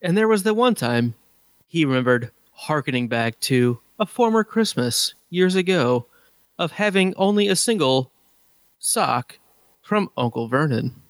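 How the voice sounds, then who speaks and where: A man's voice: on the high side, animated, a little slow, dry recording. A man co-hosting a podcast, making dry jokes in casual chat. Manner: dry, joking. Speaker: podcast co-host.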